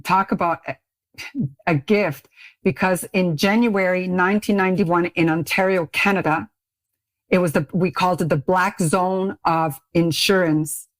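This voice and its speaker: A middle-aged woman guest on a podcast, telling her story in casual chat and acting out quoted voices with big pitch jumps and frequent laughs. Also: steady tone, unhurried, no room sound. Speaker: podcast guest, beauty brand CEO. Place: Ontario, Canada.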